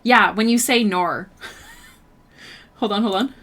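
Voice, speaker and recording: A woman's voice: medium pitch, slow, fairly bright tone. Chatty young Canadian woman. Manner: chatty, bubbly, lots of "like" fillers. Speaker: art streamer. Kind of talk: casual chat while drawing on stream. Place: home streaming setup.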